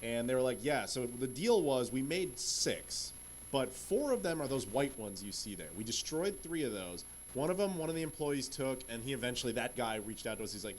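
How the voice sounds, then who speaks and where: A man's voice: mid-range voice, brisk, slight background noise. A man on a convention panel, casually telling a story and animatedly acting out what people said. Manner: animated, acts out quotes of others.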